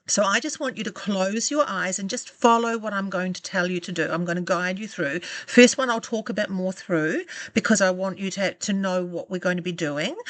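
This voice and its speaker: Calm woman guiding a self-love exercise. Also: mid-range voice, dry recording. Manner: calm, gentle and encouraging, slowing down for guided steps. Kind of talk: guided self-help instruction.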